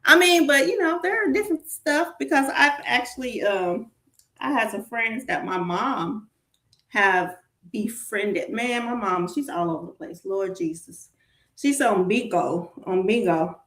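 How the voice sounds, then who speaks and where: A woman with a Southern US accent talks in a lively, rambling way, laughing often and leaning on fillers. Her voice sits a little high. A roomy echo surrounds her. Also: unhurried. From Southern United States. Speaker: guest. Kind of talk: casual chat.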